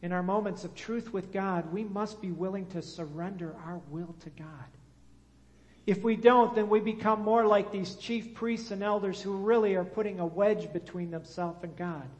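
A man's voice: high-pitched, moderate pace, a little mellow. A man preaching a sermon and drawing his congregation into call-and-response. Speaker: pastor. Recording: long hall reverb.

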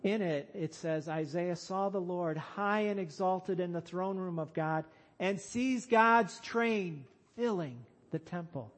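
A high-voiced pastor delivers a sermon slowly and deliberately, leaning hard on key phrases and rising into loud calls. His delivery is earnest and emphatic.

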